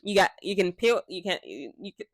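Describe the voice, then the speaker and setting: A young woman talking casually and frankly to a fixed camera, chatty and quick to laugh. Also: mid-range voice, lively intonation, dry recording, clean studio sound. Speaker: vlogger. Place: indoors, seated before a fixed camera. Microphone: camera mic.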